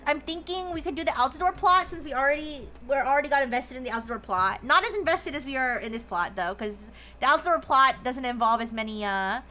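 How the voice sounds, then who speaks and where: High bright-voiced woman streamer rambling. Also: expressive, fast talker, hardly any pauses, a little hiss or hum. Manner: rambling with many restarts and fillers; playful, plays a robot persona. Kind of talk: casual chat while gaming.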